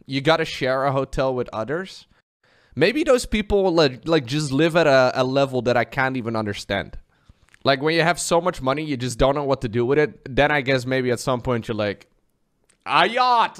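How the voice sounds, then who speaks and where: A man's voice: medium pitch, expressive, normal speed. A man streaming, chatting and reacting to videos, talking things through and repeating himself as he wonders aloud.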